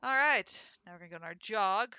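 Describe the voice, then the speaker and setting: A woman's voice: mid-range voice, animated, brisk, sharp tone, clean tone, no echo. A woman streaming a visual novel, reading its text aloud and chatting between lines. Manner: chatty, reads dialogue aloud between asides. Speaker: gaming streamer. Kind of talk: let's play commentary, reading game text aloud.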